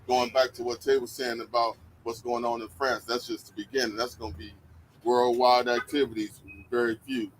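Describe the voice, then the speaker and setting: Mid-pitched man reading verses aloud at a steady pace, faint background noise. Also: moderate pace, low-quality recording. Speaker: scripture reader in discussion. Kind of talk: scripture reading and discussion.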